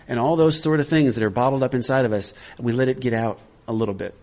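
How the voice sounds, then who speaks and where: A man's voice: medium pitch, fast talker, a little mellow. Man leading a recovery workshop, conversational. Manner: conversational, checks in with "all right?". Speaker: workshop leader.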